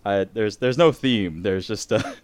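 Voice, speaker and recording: A man's voice: lowish voice, dry recording. Chatty guy on a podcast, laughs a lot, dry close sound. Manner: laughs often, rambling. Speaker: podcast co-host. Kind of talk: casual chat.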